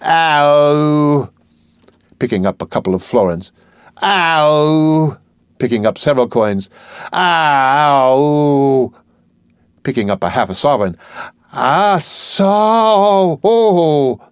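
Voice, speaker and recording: A man's voice: racing, hardly any pauses, a little mellow, no room sound, clean studio sound, close to an everyday voice. A man reading an audiobook, voicing a poor young flower girl, wailing and protesting in a raised voice. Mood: astonished. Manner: wailing, high-pitched protests.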